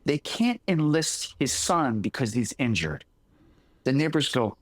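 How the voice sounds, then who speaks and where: A man's voice: medium pitch, big pitch swings, unhurried, no room sound. A man co-hosting a podcast in casual chat, telling a story in a rambling way with restarts. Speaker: podcast co-host.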